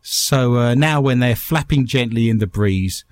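A man's voice: medium pitch, a little slow, dry recording. A man hosting a comedy podcast, joking around and reading out listener messages. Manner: jokey, reads listener messages aloud. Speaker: podcast host. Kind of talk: casual comedy chat.

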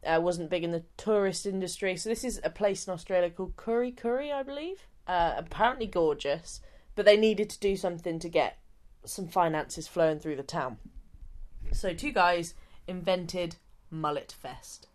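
A woman's voice: on the low side, moderate pace. A woman co-hosting a podcast, explaining things step by step in a chatty, joking way. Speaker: podcast co-host. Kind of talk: casual chat.

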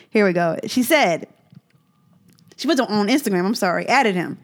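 A woman's voice: mid-range voice, lively intonation, measured pace, pauses often. Woman host, wry storyteller, mid-range voice. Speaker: podcast host. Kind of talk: casual chat.

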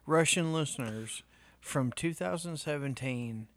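A man's voice: on the high side, unhurried, no room sound. A man co-hosting a podcast, indignant and swearing freely in crude casual banter. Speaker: podcast co-host.

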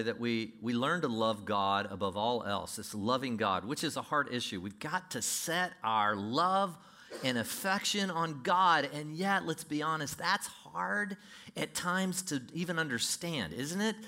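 A male pastor delivering a sermon with a bright, forceful tone. He preaches in an animated way, slipping into little acted voices and reading scripture aloud. His pitch sits in an ordinary middle range. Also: unhurried.

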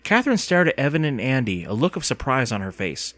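A man narrating an audiobook with expressive storytelling. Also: mid-range voice, a little fast, dry recording.

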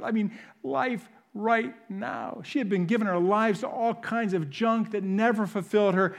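A man preaching a sermon, swinging between loud emphatic bursts and hushed, intimate asides. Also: sits high, normal speed, creaky, hardly any pauses. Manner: animated, rises loud for emphasis then drops to hushed. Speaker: pastor. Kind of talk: sermon teaching.

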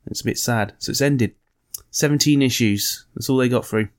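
A man co-hosting a podcast, delivering dry, sarcastic quips and steady explanations. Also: medium pitch, normal speed. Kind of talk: casual chat.

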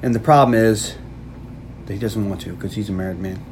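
A man's voice: fairly low pitch, noisy background. Man casually recapping a movie. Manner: loose, joking recap with quick acted quotes. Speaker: podcast host recapping a film. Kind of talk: casual chat.

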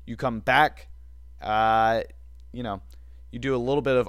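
A man's voice: mid-range voice, fairly even intonation, a little slow, long pauses, fairly bright tone, smooth, dry recording, clean studio sound. A man co-hosting a casual sports talk show, giving opinionated takes with wry, self-mocking asides.

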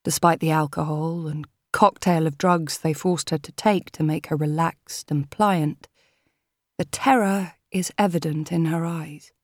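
Woman reading an audiobook, measured and steady, unhurried, dry sound. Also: deep voice, dry recording. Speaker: audiobook narrator. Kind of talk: audiobook narration.

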